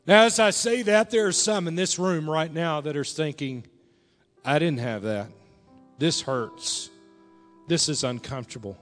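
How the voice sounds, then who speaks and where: A male pastor preaching a sermon, telling a story and dropping to a hush, then rising again. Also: fairly high pitch, normal speed. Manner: storytelling, swings between hushed and raised. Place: large church hall. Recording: reverberant church hall with music.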